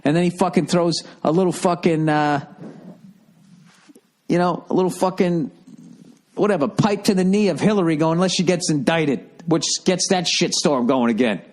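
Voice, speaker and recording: A man's voice: a little high, moderate pace. Profane ranting middle-aged man. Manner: profane, sarcastic, mocks people in put-on voices. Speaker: comedian podcast host. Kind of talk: rambling comedic rant.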